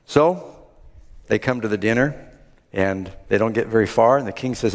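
A man preaching a sermon, retelling a Bible story and acting out the characters' lines with lively swings in pitch. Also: a little fast. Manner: acts out the characters' lines with rising animated pitch. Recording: long hall reverb.

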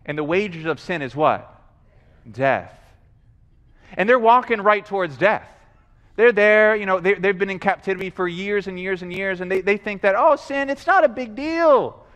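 A man preaching a sermon in a lively, animated way, acting out voices and repeating himself as he builds a point. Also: sits high, normal speed. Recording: long hall reverb.

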